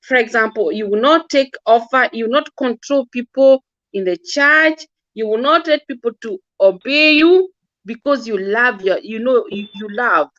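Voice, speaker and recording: A woman's voice: a little high, moderate pace, a bit bright, no echo, lo-fi sound. A woman giving impassioned religious-political commentary, earnest and scolding, often repeating and stumbling over words. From Kenya.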